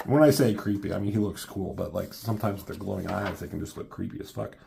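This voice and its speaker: Dude reviewing a comic, swears a lot, gravelly voice, rambles on. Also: male voice, deep voice, fast talker, noisy background. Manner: profane, rambling and joking. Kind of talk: casual comic review, reading along.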